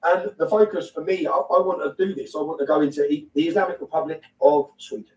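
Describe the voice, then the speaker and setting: A man's voice: a little high, fast talker, roomy sound, distant mic, rough recording. A man with an English accent, talking bluntly and emphatically as an interview guest, repeating his points and swearing now and then. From England. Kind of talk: heated conversational interview.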